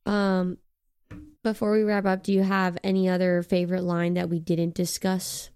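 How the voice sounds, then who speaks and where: A woman's voice: fairly low pitch, normal speed, smooth. A young woman co-hosting a podcast, chatting casually about a movie and quoting its lines. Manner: chatty, animated, quotes lines in put-on voices. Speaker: podcast co-host.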